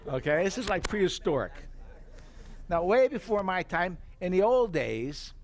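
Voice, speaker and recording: A middle-aged man pitching tableware in a live demonstration, his voice sitting a little high for a man. He spins anecdotes and acts out his own reactions with lively energy. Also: moderate pace.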